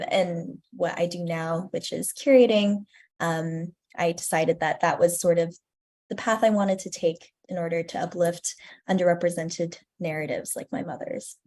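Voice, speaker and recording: A woman in her twenties answering interview questions earnestly and reflectively, with frequent ums, her sentences trailing off softly. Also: on the low side, a little slow. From United States. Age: 20s. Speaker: guest, student curator.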